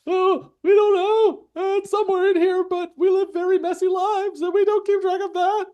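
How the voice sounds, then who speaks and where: Man doing shrill panicky kobold. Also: flat delivery, moderate pace, dark tone, muffled recording. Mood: flustered. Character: frightened shrieking kobold householders.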